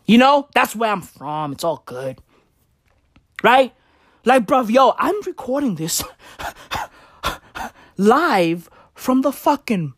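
A woman's voice: medium pitch, expressive, unhurried, long pauses, slightly rough, no room sound, studio quality. A woman delivering an improvised comic monologue, crude, profane and rambling, with slangy, brash talk and a catchphrase she keeps repeating.

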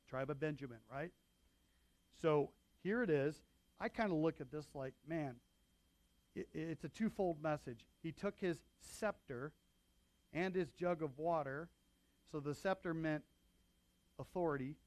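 A man's voice: a little high, a little slow, pauses often, darkish tone, no room sound. A man preaching a sermon as pastor, talking in a loose, conversational way with frequent asides to the congregation.

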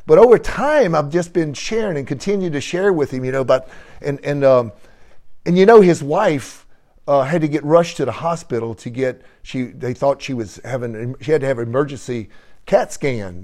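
A man leading a church gathering, telling an animated testimony with laughter and frequent praise. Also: mid-range voice, normal speed. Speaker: church fellowship leader.

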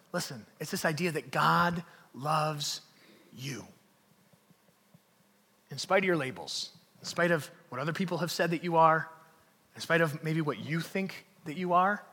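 Bright, husky young preacher in a hall. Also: male voice, fairly high pitch. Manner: swings from shouted emphasis to hushed near-whispers. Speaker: pastor. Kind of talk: sermon. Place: church hall.

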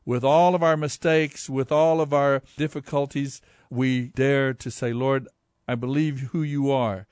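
A man's voice: medium pitch, steady tone, normal speed, darkish tone, no echo, clean studio sound. A man preaching earnestly, urging listeners to come to the Lord. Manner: earnest, pleading. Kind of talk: sermon.

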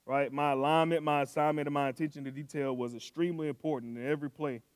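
A man preaching a sermon, telling a coaching story in a relaxed, slangy way that swells into loud shouting. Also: a little high, fast talker, smooth, no echo, in a large hall. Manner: coaching, conversational, with southern-style slang. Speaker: pastor.

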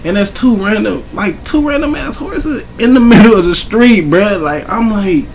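A man's voice: high voice, animated, normal speed, a little mellow, slight background noise. A young man co-hosting a podcast, talking in casual slang full of "bro" and "like," laughing easily. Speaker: podcast co-host. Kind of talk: casual chat.

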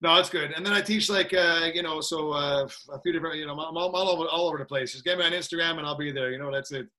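A man chatting as a podcast guest in an easygoing, energetic way, laughing often and tagging his sentences with "that's it". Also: a little high, quick pace. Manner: energetic, laid-back, laughs a lot, repeats "that's it". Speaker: guest, combat sports trainer. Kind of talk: casual interview chat.

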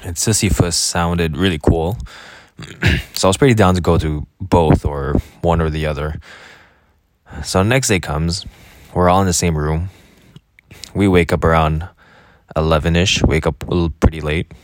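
A man's voice: sits low, moderate pace, long pauses, no room sound. A young man casually recounting his travels as a vlogger, rambling and correcting himself with many fillers. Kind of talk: casual spoken travel diary.

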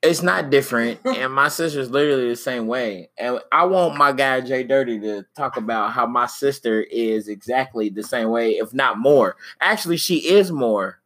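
Casting note: man host, bright forceful voice, playful and loose. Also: medium pitch, moderate pace, few pauses. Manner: joking, laughing, Southern US slang. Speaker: podcast host. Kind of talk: casual family chat.

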